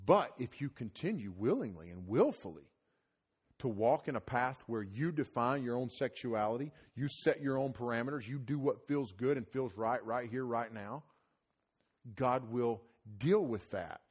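A middle-aged man preaching a sermon at a conference, mixing scripture with lively personal stories and getting loud when excited. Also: moderate pace, breathy edge. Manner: animated, rises loud and high when telling stories. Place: conference hall.

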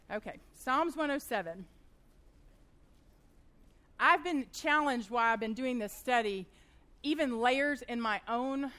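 A woman in her thirties teaching a church Bible study, fast-talking and animated as she tells stories to a live group. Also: fairly high pitch.

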